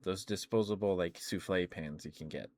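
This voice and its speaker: A hoarse young man chatting casually on a stream, rambling with lots of fillers. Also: low-pitched, normal speed, a little mellow, a little hiss or hum. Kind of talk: casual chat.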